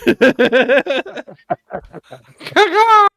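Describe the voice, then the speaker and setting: A man's voice: very high voice, big pitch swings, drawn-out words, creaky, pushed and bright, no echo, clean studio sound. A man hosting an improv comedy show in casual chat, playful, laughing often and swearing lightly, over a voice call.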